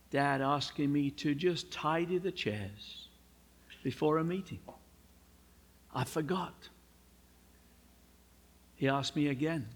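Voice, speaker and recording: A man preaching a sermon, emphatic and unhurried, with humorous personal asides. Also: fairly high pitch, husky. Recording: long hall reverb.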